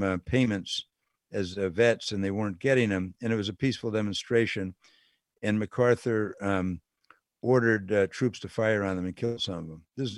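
In a studio-quality recording with no room sound, a man with a lowish voice hosts a political talk radio call-in show, speaking into a studio microphone. His monologue mixes indignant disbelief with laughter at what he's describing.

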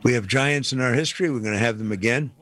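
A man hosting a talk radio show, giving emphatic political commentary and slowing down to stress key lines. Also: mid-range voice, a bit bright, soft background music.

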